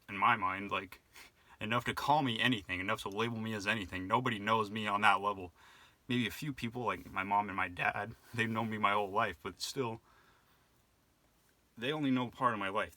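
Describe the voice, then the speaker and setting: A man's voice: on the low side, sharp tone, dry recording. A young man talking on his own in a rambling, reflective way, with many fillers and restarts, as a vlogger. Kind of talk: casual monologue to camera.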